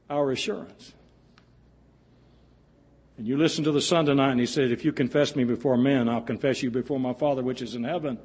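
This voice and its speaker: A husky-voiced man delivering a sermon in a church. His voice climbs high and forceful when he pleads, then sinks low and quiet as each phrase ends. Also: fairly even intonation, brisk, long pauses. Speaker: preacher.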